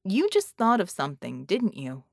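A woman voicing a sarcastic male shapeshifting genie hero with quick, mocking remarks, in an audiobook. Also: medium pitch, huge pitch swings, creaky, no echo, studio quality, heavily acted. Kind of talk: audiobook character voice.

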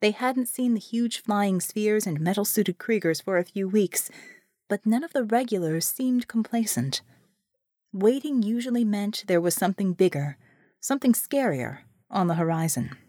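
Brief: woman narrator, lively pitch, dry close recording, storytelling. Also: moderate pace, dry recording. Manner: expressive, storytelling. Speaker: audiobook narrator. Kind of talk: scripted narration.

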